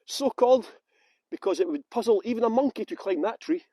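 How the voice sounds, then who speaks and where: A man's voice: very high voice, expressive, fairly quick, mellow, dry recording. A Scottish man giving a live walking tour of outdoor gardens, joking and teasing his viewers while filming on a handheld phone. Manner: joking, facetious banter with viewers. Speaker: tour guide.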